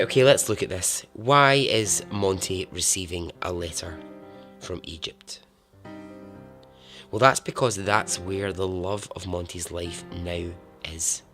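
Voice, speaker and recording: A man's voice: low voice, fairly bright tone. A man hosting a storytelling podcast, narrating dramatically and chattily, giggling at his own asides. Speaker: podcast host.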